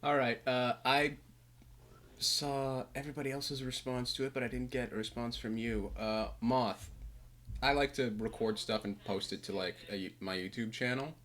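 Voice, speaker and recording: A man's voice: mid-range voice, fairly even intonation, normal speed, a bit bright, slight background noise. A man acting as game master, chatting casually and laughing easily before the session starts. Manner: laid-back, laughs easily, loose phrasing.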